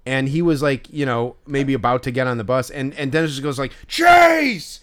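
A man co-hosting a podcast, talking in a laid-back, rambling manner as he recounts stories. His voice sits at an ordinary middle pitch. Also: fairly even intonation, fast, clean tone. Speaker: podcast co-host. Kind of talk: casual chat.

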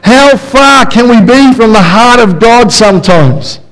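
A man's voice: very high voice, animated, unhurried, fairly bright tone, low-quality recording. A man preaching a passionate, emphatic sermon in church, full of rhetorical questions. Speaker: pastor. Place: church service, also streamed.

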